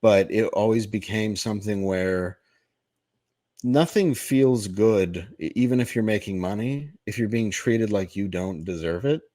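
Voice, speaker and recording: A man's voice: lowish voice, measured pace, mellow, dry recording, studio quality. A man, a comedian guest on a podcast, telling a long candid story in a blunt, profane, rambling way.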